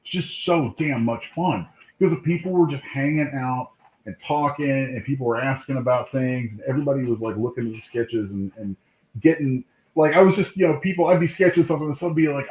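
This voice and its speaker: A man, a comic book artist, telling lively anecdotes in a casual interview, acting out the voices of people in his stories. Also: mid-range voice, fast, slight background noise. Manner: animated anecdote-telling, acts out quoted voices. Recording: tinny call line in an echoey room.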